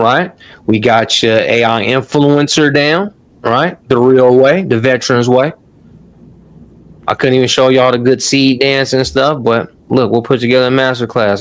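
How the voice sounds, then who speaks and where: A man runs a relaxed live-stream lesson in a loose, chatty way, tossing in the odd curse and a steady "y'all". His voice sits at an ordinary middle pitch for a man. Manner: loose and chatty, swears, calls the audience "y'all". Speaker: online course host. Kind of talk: casual live-stream tutorial.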